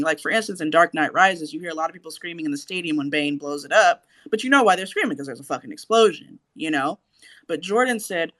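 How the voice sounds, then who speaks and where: A woman co-hosting a podcast in casual chat, animated and cursing, acting out her own reactions. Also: lowish voice. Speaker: podcast co-host.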